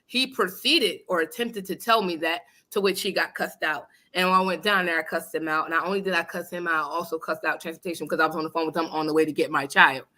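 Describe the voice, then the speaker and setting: A woman hosting a casual talk show, telling a story in an animated, emphatic and blunt way. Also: on the low side, fast, hardly any pauses. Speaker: host. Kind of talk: casual chat. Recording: live online radio show.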